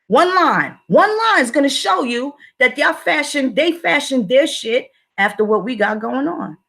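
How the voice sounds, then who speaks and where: A woman's voice: high-pitched, lively intonation, measured pace, gravelly, a bit bright. A woman giving a profane, repetitive livestream commentary, speaking in a confrontational way.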